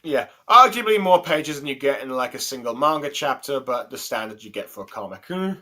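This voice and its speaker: A man's voice: medium pitch, lively intonation, fairly quick, bright, forceful tone. A man hosting a casual comic review chat, hesitant and full of fillers, chuckling often. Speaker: podcast host.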